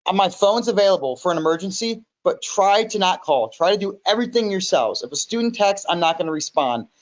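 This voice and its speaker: A man, a guest on a business podcast, telling a story in an animated way, quoting himself and repeating words. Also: sits high, brisk, dull audio. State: recovering in hospital. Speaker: podcast guest, music studio owner. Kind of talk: casual storytelling.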